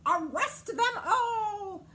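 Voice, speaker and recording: A woman reading a picture book aloud and voicing a spoiled, bossy queen bee who yells and wails through her tantrums. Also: animated, takes it slowly, very noisy. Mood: furious. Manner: shrill wailing tantrums, near crying.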